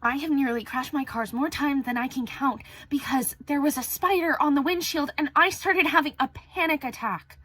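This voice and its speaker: Woman acting as a freaked-out girl stuck home alone, cussing, high bright voice, monologue. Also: moderate pace, hardly any pauses, no room sound. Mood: frazzled. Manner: frazzled, swearing, venting, drops to near whispers. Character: young woman alone in lockdown, spider-terrified. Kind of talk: stage monologue.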